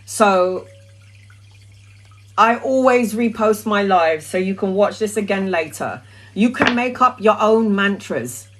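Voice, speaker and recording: A talkative woman hosting a casual spiritual live stream, her voice sitting at an ordinary middle pitch. She chats loosely with plenty of ums and uhs, then drops into soft, repeated mantra chanting that fades lower. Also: expressive, slow pace, a little hiss or hum. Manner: talkative, with frequent um and uh. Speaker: spiritual live-stream host answering questions.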